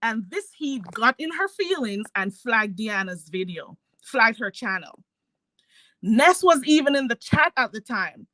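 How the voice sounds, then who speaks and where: A woman's voice: on the high side, big pitch swings, a little slow, sharp tone, dry recording. A woman hosting a commentary channel, ranting in a heated, mocking and profane way. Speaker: YouTube commentary host.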